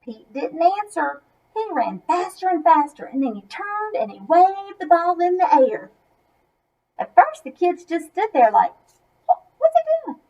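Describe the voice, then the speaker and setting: A high-pitched woman reads a children's story aloud with a lively, swooping voice. She talks at an unhurried pace and stops for chatty asides to her young listeners. The sound is dull and lo-fi. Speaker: masked reader.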